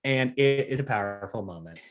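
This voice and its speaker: A man's voice: lowish voice, lively intonation, a little fast. Young male podcast co-host, brash and profane, riffs on a movie in casual chat. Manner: brash, jokey, profane riffing.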